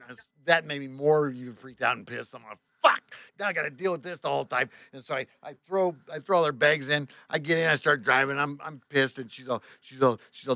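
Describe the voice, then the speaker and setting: A man telling a story as a tour bus driver on a podcast, animated, swearing often and acting out the other voices. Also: on the high side, quick pace, few pauses, no room sound. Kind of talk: casual storytelling.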